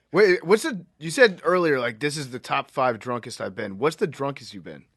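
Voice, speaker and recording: A man's voice: medium pitch, expressive, moderate pace, fairly bright tone, no room sound, clean studio sound. A man co-hosting a casual chat show, laughing along and reacting to a guest's stories.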